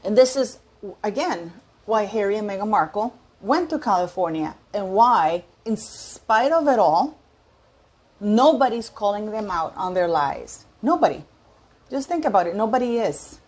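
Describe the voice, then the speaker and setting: With an expressive, mid-range voice and a moderate pace, this woman in her fifties hosts her own opinionated commentary vlog. She speaks casually and opinionatedly, often breaking off to restart sentences or to search aloud for a word.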